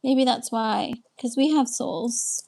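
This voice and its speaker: A woman with a Texan accent and a fairly high voice hosts a relaxed live stream. She chats along easily, welcoming each viewer by name and answering their comments. She speaks into a webcam and sounds a little tired, like she is winding down for the night. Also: slow, gravelly. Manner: chatty, greets viewers and answers comments aloud. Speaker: live stream host and life coach. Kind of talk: casual live stream chat.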